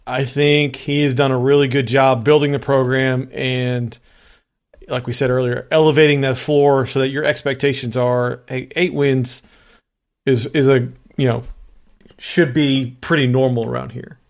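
A man's voice: mid-range voice, little pitch movement, measured pace. A man co-hosting a casual sports podcast, giving firm opinions in a conversational way. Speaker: podcast co-host.

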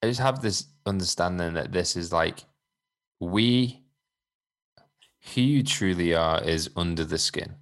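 Man, very deep voice, reflective, preachy, faith podcast co-host. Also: measured pace, pauses often. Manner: reflective, preachy, rambling with restarts.

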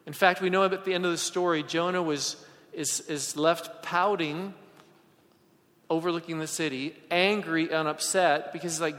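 A man preaching a sermon and telling personal stories, swinging from loud emphasis to hushed asides. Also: a little high, fairly even intonation, moderate pace. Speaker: pastor. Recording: long hall reverb.

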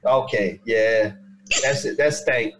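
A man's voice: mid-range voice, slow pace, background noise. A man hosting a casual chat, teasing and quizzing a guest in a playful way. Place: in Texas.

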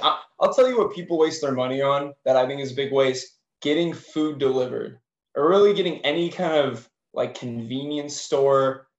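A man co-hosting a podcast in casual chat, telling stories in a laid-back way. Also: medium pitch. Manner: laid-back storytelling with frequent laughs. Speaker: podcast co-host. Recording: roomy, dull lo-fi sound.

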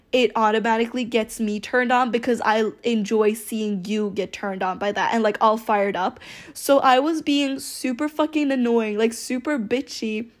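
A young woman telling a story to her viewers in a casual, rambling way, full of filler words and very candid. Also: on the high side. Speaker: storytime vlogger.

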